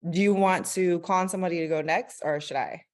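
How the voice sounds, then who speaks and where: A woman hosting and moderating a panel discussion over a call, relaxed and friendly, with frequent fillers. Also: fairly low pitch, fast. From Bay Area, US. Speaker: host, moderator.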